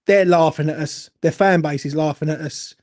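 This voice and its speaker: A man rants at a football fan channel, angry, emotional and sweary. His voice sits high but sounds dark and mellow. He keeps repeating himself as the frustration builds. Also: fairly even intonation, moderate pace. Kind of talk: impassioned fan rant.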